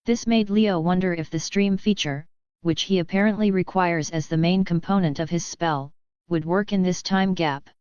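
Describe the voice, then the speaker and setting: Brief: woman narrator, lowish voice, crisp, dull lo-fi recording. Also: normal speed, darkish tone, no room sound. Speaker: audiobook narrator. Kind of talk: audiobook narration.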